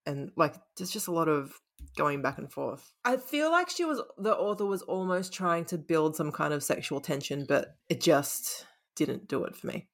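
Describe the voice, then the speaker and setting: Low, gravelly young woman chatting. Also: expressive, moderate pace. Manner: frank, laughing, swears freely. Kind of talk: casual book discussion.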